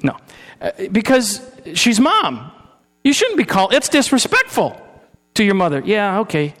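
A man preaching a sermon, talking to his congregation with rhetorical questions and sometimes sinking into a hushed, solemn tone. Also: high voice, wildly swooping pitch, normal speed. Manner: drops to a soft, hushed tone for solemn passages. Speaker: pastor. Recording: hall reverb with mains hum.

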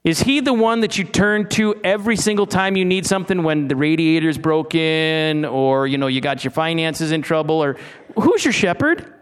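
A middle-aged pastor gives a conversational sermon, tripping over restarts and posing questions to his listeners. He speaks at a moderate pace with few pauses, in a steady, clean-toned voice that's on the high side.

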